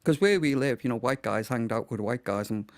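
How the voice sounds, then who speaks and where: A man's voice: mid-range voice, a little fast, no room sound, clean studio sound. A middle-aged man from Liverpool with a Liverpool accent, a pastor telling his story in a casual chat and acting out what people said. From Liverpool, England. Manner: vivid storyteller, acts out quotes. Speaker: pastor, guest.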